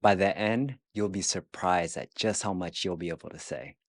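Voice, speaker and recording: A man teaching a language lesson in a scripted, careful way, repeating words slowly to show how they are said. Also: low-pitched, no echo. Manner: slow, careful, demonstrates pronunciation by repeating words.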